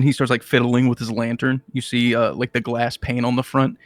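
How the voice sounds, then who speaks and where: A man's voice: medium pitch, little pitch movement, a little fast, few pauses, dry recording. A man narrating as game master of a tabletop game, rambling with many fillers and restarts.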